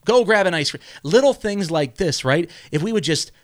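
A man with a slightly high voice tells a story in loose, rambling fashion. He keeps restarting his sentences and keeps checking in with his listener as he goes. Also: animated, moderate pace. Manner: rambling storyteller, many restarts and "right?" tags. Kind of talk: casual conversational advice.

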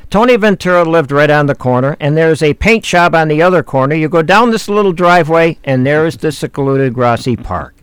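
Older new guy, folksy storyteller, smooth voice, dry close sound. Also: on the high side, a little fast, hardly any pauses, dry recording. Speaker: host. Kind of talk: reminiscing talk show chat.

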